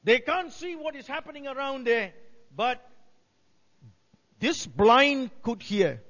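A man's voice: very high-pitched, lively intonation, takes it slowly, a bit bright. A male pastor preaching a sermon, building to emphatic cries. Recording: dull sound in a reverberant hall.

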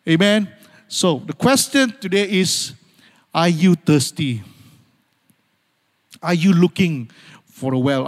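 A man preaching a sermon, swinging from loud urgent passages to hushed, near-whispered lines and repeating phrases for emphasis. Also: on the high side. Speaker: pastor. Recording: long hall reverb.

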